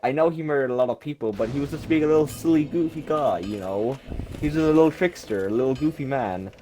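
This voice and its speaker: A man voicing a pleading middle-aged alien father who makes hurried, wheedling excuses for his son. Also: mid-range voice, dark tone, soft background music, voice pushed up, natural voice.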